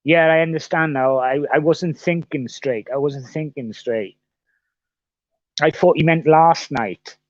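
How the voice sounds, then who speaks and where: A man's voice: a little high, a little slow, dry recording. Man, livestream chat, rambling, swears a lot, repeats himself, muffled dry audio. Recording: dull, dry sound.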